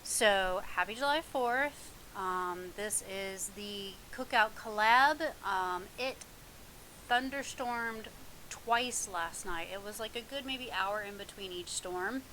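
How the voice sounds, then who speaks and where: Poor audio with a faint hiss or hum carries a bright, forceful female voice of medium pitch that takes its time. Home alone, the vlogger rambles casually through her mukbang vlog, dropping lots of ums and giggles, a mic placed in front of her.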